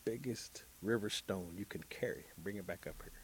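A man's voice: on the low side, moderate pace, slightly rough, low-quality recording. A man voicing a boastful, hungry male trickster rabbit in a traditional story. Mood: scheming. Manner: eager, bragging, pleading.

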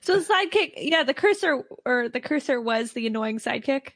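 A woman co-hosting a podcast in casual chat, playful and quick to laugh. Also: sits high, lively intonation, a bit bright, no room sound. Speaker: podcast co-host.

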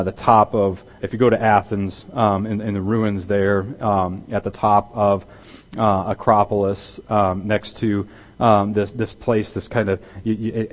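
A man preaching a sermon as pastor, emphatic and repeating words, swinging between loud stress and hushed intensity. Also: fairly low pitch. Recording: long hall reverb.

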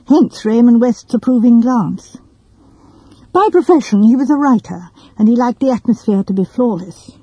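A woman narrating a classic story in a measured, deliberate reading. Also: a little high, warm tone, slightly rough, no echo, rough recording.

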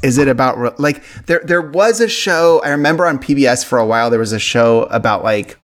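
Chatty man thinking aloud, mid-pitch. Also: expressive, a little fast. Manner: rambling, restarts, thinks aloud with laughs. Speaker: director of a fan remake, guest. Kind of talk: casual interview chat.

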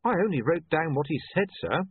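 A man's voice: a little high, sing-song, fairly quick, pitched above the performer's own voice. A man voicing a polite, earnest young male reporter who speaks in a deferential way. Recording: tinny, dry, phone-like sound.

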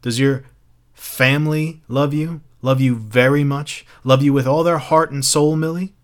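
A man's voice: medium pitch, steady tone, measured pace, lightly acted. Troubled fireman, earnest and urgent, man reading him.

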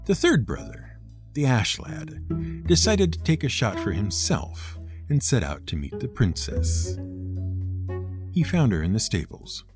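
A man's voice: medium pitch, wildly swooping pitch, measured pace, over music. Playful man telling a comic folk tale. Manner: wry, playful asides. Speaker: storyteller host.

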